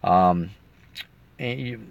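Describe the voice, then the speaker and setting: Low gravelly man rambling in a car. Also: drawn-out words, no echo. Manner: rambling, emotional, reads viewer comments. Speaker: activist giving an update. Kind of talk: casual video update. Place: sitting in a car. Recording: dull lo-fi sound.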